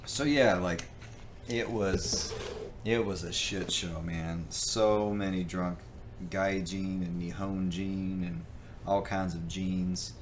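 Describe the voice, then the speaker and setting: A man's voice: low voice, steady tone, slow pace, slight background noise. Profane rambling man telling a story. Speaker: gaming livestream co-host. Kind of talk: casual storytelling chat.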